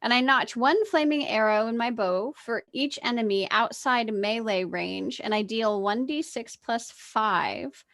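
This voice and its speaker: A woman's voice: on the high side, measured pace, few pauses, a bit bright. Eager woman player explaining her move. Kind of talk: tabletop game play.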